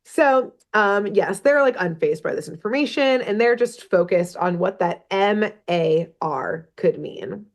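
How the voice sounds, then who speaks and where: A woman's voice: mid-range voice, animated, unhurried, hardly any pauses. Woman podcaster telling a cartoon plot, chill, laughs a lot, swears. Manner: laid-back storyteller, laughs often, swears casually. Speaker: podcast host recapping a cartoon episode. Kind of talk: casual chat.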